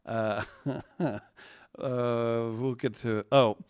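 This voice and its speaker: A man's voice: medium pitch, steady tone, extremely slow, smooth, dry recording, studio quality. A man working as a podcast producer, reading viewer chat comments aloud with chuckling, chatty asides.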